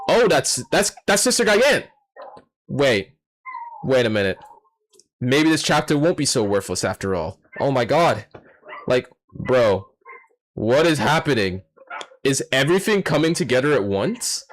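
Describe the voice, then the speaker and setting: A young man streaming a live reaction, talking casually to his chat, swearing and sounding exasperated. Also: medium pitch. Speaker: streamer reacting to a manga chapter.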